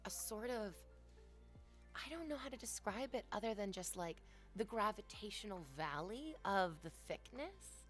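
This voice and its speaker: A woman streamer chatting casually at home, playful and teasing, talking straight to her viewers. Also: mid-range voice. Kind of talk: casual live-stream chat. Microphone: desk microphone, off camera.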